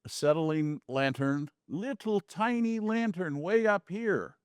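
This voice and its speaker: A man's voice: high voice, expressive, a little slow, smooth, dry recording. A man chats his way through a slide talk about his photos in a folksy, joking way. His voice is close and dry, with no room sound around it. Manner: chatty, folksy asides and jokes. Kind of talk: casual presentation to a small audience. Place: community meeting room.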